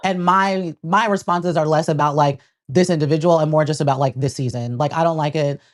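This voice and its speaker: Fast-talking low-voiced woman. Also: fairly even intonation. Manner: rapid, opinionated, slangy asides. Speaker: podcast co-host. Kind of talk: casual reality TV recap chat.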